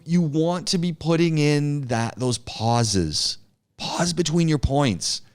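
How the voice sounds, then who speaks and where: Male speech teacher, mid pitch, lively and conversational, lots of restarts. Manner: animated, acts out sample chats, frequent restarts. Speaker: public speaking teacher. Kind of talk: classroom lecture with feedback.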